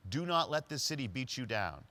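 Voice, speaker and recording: A man acting out a streetwise homeless man who is tough but kind, in a louder, higher, emphatic voice. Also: sing-song, a little fast. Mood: encouraging.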